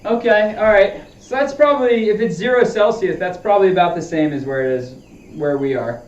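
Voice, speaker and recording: The voice is high-pitched and a little fast: a man streaming a golf practice session, chatting to viewers and talking through his swings as he goes. It comes through dull and lo-fi, distant and roomy.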